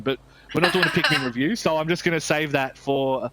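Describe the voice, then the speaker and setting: A man's voice: fairly high pitch, brisk, heavy background noise. A man with an Australian accent reviewing a video game in casual chat, rambling and candid, swearing freely.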